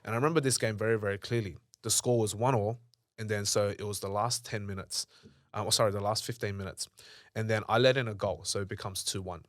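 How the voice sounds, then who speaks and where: A man's voice: lowish voice, steady tone, fast talker, no echo, clean studio sound. A young man telling stories in a casual interview, swearing often and acting out old arguments in a raised voice. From Australia. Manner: swears freely, acts out past arguments in a raised voice. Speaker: podcast guest, entrepreneur.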